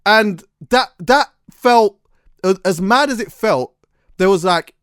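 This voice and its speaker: Animated, slangy man telling stories. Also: high voice, slow pace, smooth, dry recording, clean studio sound. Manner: animated storyteller, slangy, many restarts. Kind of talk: casual chat.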